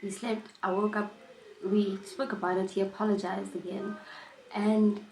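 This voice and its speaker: A woman vlogger telling a personal story in a casual storytime chat, animated and emphatic, often repeating herself. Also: medium pitch, a little slow, echoey room, slight background noise, low-quality recording.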